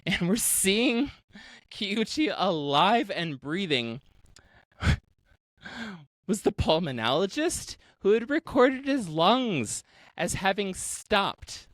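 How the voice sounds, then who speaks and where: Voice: mid-range voice, sing-song, extremely slow, long pauses, fairly bright tone, no room sound. A podcast host retelling a story in casual chat, laughing often, swearing freely and acting out the quoted voices.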